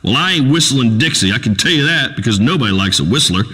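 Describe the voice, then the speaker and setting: Loudmouth redneck radio host, bright lively voice, pompous and crude. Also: male voice, mid-range voice, quick pace, slightly rough, in a large hall. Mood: ranting. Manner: pompous, blustering, folksy grammar. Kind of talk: comedic radio talk show acting.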